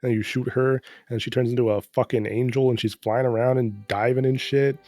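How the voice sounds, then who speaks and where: A man's voice: medium pitch, steady tone, a little fast, a little mellow, no echo, clean studio sound, faint music behind. A man casually recapping a game's story in a rambling, profane, sarcastic way. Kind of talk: casual chat.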